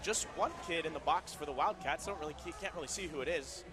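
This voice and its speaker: A man giving casual, chatty play-by-play commentary at an indoor roller hockey rink, with quick bursts of excitement. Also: fairly high pitch, music in the background. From Southern California.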